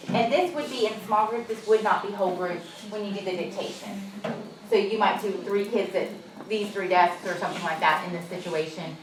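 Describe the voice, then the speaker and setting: A woman teacher runs a small-group phonics lesson and pauses to explain it to other teachers. She draws out sounds and sentences slowly and clearly for the children. The recording is echoey and taken from a distance across the classroom, with a faint hiss behind her. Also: mid-range voice. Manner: clear, drawn-out classroom prompting.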